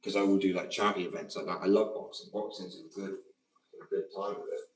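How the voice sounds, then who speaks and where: A man's voice: deep voice, fairly even intonation, quick pace. A man with a slight Australian twang, ranting to camera in a profane, combative, rambling monologue. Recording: roomy sound from a distant mic.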